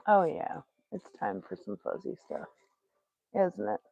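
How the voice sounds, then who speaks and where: A woman's voice: lowish voice, sing-song, unhurried, vocal fry, dark tone, no room sound, highs cut off. A woman, hosting a casual crochet livestream, talking to herself and muttering in exasperation as she works. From Texas. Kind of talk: casual live-stream chat while crocheting.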